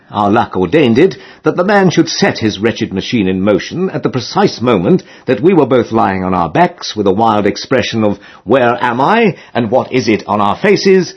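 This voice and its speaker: Husky man reading a comic tale. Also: on the low side. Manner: lively, expressive storytelling with dry humor. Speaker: audiobook narrator. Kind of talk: scripted narration of a comic novel. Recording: dull lo-fi recording.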